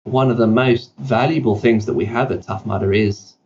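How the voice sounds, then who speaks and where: Guy w a mixed british south african accent, lowish voice, dull lo-fi audio, casual self-mocking stories. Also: darkish tone, slight background noise. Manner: self-deprecating anecdotes, quick with fillers and restarts. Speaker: CEO guest. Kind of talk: casual podcast interview.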